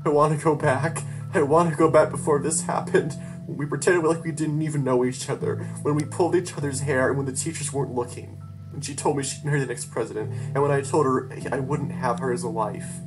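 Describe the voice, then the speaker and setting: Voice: mid-range voice, fairly even intonation, fast talker. Tearful horror storyteller over guitar music. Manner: emotional, tearful delivery with frantic outbursts. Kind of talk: first-person horror story narration. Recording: guitar music playing behind the voice.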